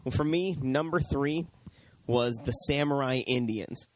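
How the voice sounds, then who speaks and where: A man co-hosting a movie review show in casual chat, animated and profane, often mimicking characters in high voices. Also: measured pace, slight background noise, poor audio. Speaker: podcast co-host.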